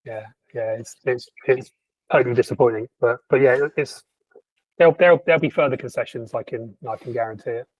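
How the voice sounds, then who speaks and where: A man co-hosting a podcast in casual chat, animated and sardonic, stumbling through frequent restarts. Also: mid-range voice, a little fast, lo-fi sound. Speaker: podcast co-host.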